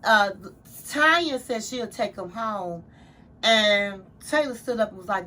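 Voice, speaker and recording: A woman's voice: mid-range voice, unhurried, bright, forceful tone. A woman casually recapping a reality show episode, retelling scenes and quoting what people said.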